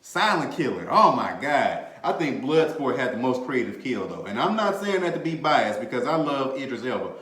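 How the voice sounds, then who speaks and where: Animated slangy man in an echoey room. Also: mid-range voice, normal speed, hardly any pauses. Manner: animated, laughing, swears freely, slangy. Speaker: podcast host. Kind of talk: casual movie review chat. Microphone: desk mic, bumped at times.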